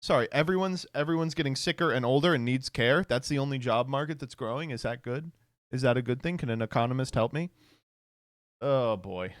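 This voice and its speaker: A man's voice: mid-range voice, brisk, no echo, clean studio sound. A man streaming reaction commentary, sarcastic and swearing, laughing often.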